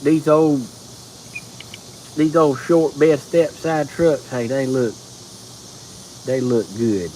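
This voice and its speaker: A man, chatting casually with viewers on a live stream, folksy and excitable. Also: medium pitch, slow, long pauses, a little hiss or hum, poor audio. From Georgia, US. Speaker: livestream host.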